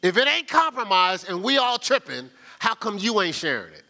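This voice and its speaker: Male pastor, sermon, high animated delivery, colloquial call-and-response style. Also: moderate pace. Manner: call-and-response, asks "right?"; conversational, colloquial.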